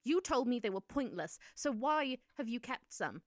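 A woman's voice: fairly high pitch, big pitch swings, moderate pace, no echo, clean studio sound. An actress playing a desperate young woman searching for a missing friend, pleading and defiant.

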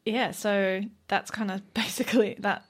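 A woman's voice: medium pitch, steady tone, unhurried. Chatty young woman podcaster. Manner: chatty, laughing, swearing casually. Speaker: podcast co-host. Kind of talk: casual true crime podcast chat.

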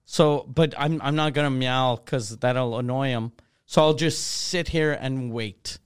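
A man's voice: medium pitch, measured pace, clear, resonant tone, no echo, studio quality. A man co-hosting a comedy podcast, laid-back, riffing jokes and asides in casual chat. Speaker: podcast co-host.

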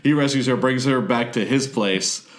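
Man, casual podcast chat, rambling recap, mid-pitched voice, loose and filler-heavy. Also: moderate pace.

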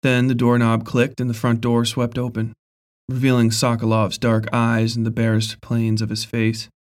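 A man reading a horror story aloud in a measured, even storytelling voice. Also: mid-range voice. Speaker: narrator. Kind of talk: scripted horror story narration.

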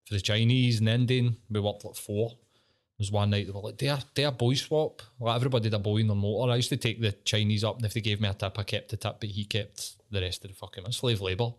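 A Scottish man chats on a podcast in a low voice. He swears freely and laughs easily as he tells stories. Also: fairly even intonation, quick pace. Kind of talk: casual chat.

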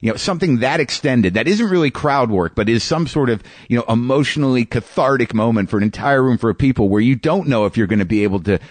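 A man, a podcast host and stand-up comedian, telling a story in a halting way, often restarting and repeating words as he searches for them. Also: medium pitch, no room sound. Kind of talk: storytelling monologue.

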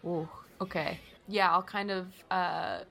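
A woman with a low voice plays a tabletop game, speaking very slowly and tentatively. Faint noise hangs behind her. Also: fairly even intonation, vocal fry, a bit bright. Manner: hesitant and tentative.

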